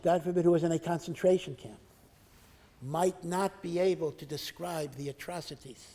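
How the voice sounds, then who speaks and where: A rabbi giving an earnest Torah lecture, asking rhetorical questions and mixing in Hebrew and Yiddish terms. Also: male voice, a little high, moderate pace, mellow. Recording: hall with long reverb.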